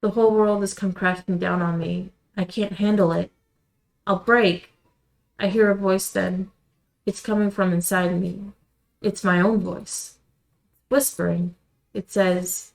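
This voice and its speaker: A woman streamer reading a visual novel aloud in quiet, measured first-person narration. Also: medium pitch, steady tone, gravelly, poor audio. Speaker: let's-play streamer.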